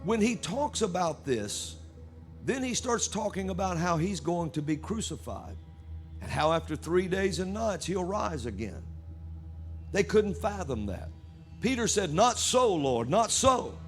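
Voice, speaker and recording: A man preaching a sermon at a church service, reading scripture aloud with animated delivery. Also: high voice, measured pace, soft background music.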